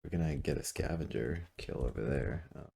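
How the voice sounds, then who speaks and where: A man commentating his own game at his computer, thinking out loud, correcting himself and trailing off with fillers, seated a little back from a desk mic. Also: very deep voice, vocal fry, husky. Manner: musing, self-correcting, halting with fillers. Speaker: gameplay commentator. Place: room at a computer. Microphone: desk mic, sitting back from it.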